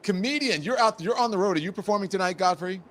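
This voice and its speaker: A man's voice: high-pitched, quick pace, a bit bright. A man hosting a comedy panel over a video call, making playful, upbeat introductions. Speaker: host.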